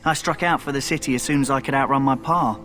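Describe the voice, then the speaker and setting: A man's voice: medium pitch, steady tone, fast, a bit bright, soft background music, natural voice. An actor voicing a cocky young male thief in video game dialogue, talking in a wry, breezy, self-mocking way.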